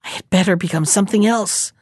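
A woman voicing a brave young enchanted girl who changes into animals, talking quickly and earnestly in a storybook reading. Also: mid-range voice, slightly rough, dry recording, clean studio sound, lightly acted. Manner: quick, earnest calling and scheming.

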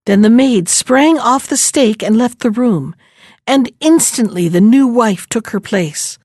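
A woman narrating an old fairy tale and giving each character a different pitch. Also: animated, a little slow, a little mellow, no echo, clean studio sound. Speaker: storyteller.

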